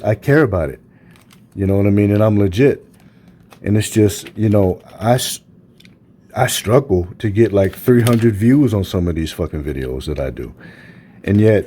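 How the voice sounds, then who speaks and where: Brief: middle-aged male trainer, angry profane rant, low mellow voice. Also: normal speed, a little hiss or hum. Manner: heated, profane, repetitive, emphatic. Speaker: personal trainer. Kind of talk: profane ranting monologue.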